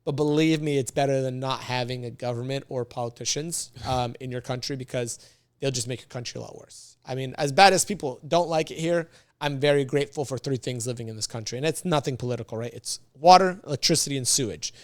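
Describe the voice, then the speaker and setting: A man from the United States, a podcast guest, telling a story in a casual, animated, slangy way and laughing often. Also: medium pitch, quick pace, dry recording.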